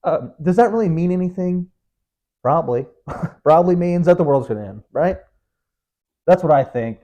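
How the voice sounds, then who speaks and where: A man's voice: on the high side, expressive, normal speed, mellow, highs cut off. A young man hosting his own podcast alone, talking in a rambling, joking, self-mocking way. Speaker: podcast host. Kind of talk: casual solo monologue.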